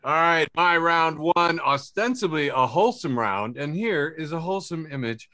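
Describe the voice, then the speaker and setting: A man's voice: fairly high pitch, expressive, normal speed, pushed and bright, dry recording. A man co-hosting a podcast, describing memes enthusiastically with frequent uhs. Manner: enthusiastic, hesitant with many uhs. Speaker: podcast co-host. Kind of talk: casual chat reading memes.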